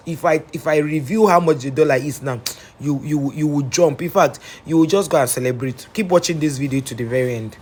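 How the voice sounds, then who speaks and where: A man's voice: fairly high pitch, brisk, darkish tone. A man with a Nigerian accent giving casual, sarcastic news commentary on a vlog, breaking off to read news reports aloud. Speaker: commentary vlogger.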